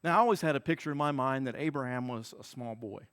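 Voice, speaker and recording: A pastor preaching a sermon in an earnest manner, often repeating words for emphasis. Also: male voice, medium pitch, quick pace, a bit bright, clean tone.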